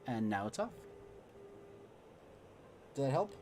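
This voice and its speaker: A man in the middle of a live flight-sim battle talks in an average-pitched voice, switching between patient explanation and excited outbursts. He mutters to himself as threats appear. Faint hiss sits under his mic. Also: takes it slowly. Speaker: streamer teaching flight sim combat. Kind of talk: live gameplay commentary and tutorial.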